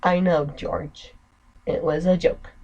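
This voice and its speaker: A woman's voice: lowish voice, steady tone, takes it slowly, a little mellow, lo-fi sound. A woman reading a bitter scheming young nobleman, American accent.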